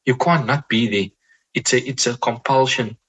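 This guest, an Islamic scholar, shares reflective advice at a measured pace, frequently repeating or restarting phrases and adding religious expressions. He has a medium-pitched, fairly bright voice with a breathy edge, and the sound is lo-fi.

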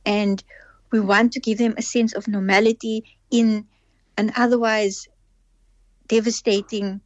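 A woman's voice: fairly high pitch, level tone, unhurried, no echo, dull audio. A woman speaking as a radio guest in an earnest, heartfelt and reflective way. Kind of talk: radio interview.

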